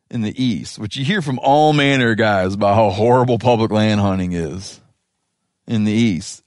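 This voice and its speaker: A man hosting a podcast, talking in a rambling, animated, casual way and swearing now and then. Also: on the low side, dry recording, clean studio sound. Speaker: podcast host. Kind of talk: casual chat.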